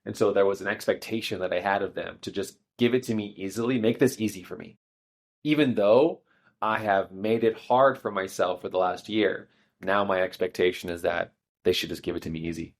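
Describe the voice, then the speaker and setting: A man's voice: deep voice, brisk. A man, a relationship coach, talking through a personal story in a candid, reflective solo podcast monologue. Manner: candid, reflective storytelling with self-deprecating laughs.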